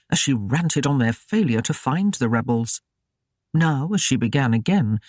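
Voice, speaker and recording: Steady audiobook narrator, dry close sound. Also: medium pitch, no room sound. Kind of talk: scripted narration.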